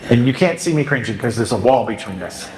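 A man, a Catholic priest, giving a humorous homily in a joking, animated way, now and then acting out penitents' voices. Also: mid-range voice, a little fast. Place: church. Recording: echoey church hall.

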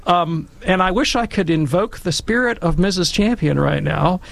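Brief: gravelly man, slightly higher voice, animated storyteller. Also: normal speed, dry recording. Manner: animated, emphatic, conversational. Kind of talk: casual storytelling and commentary.

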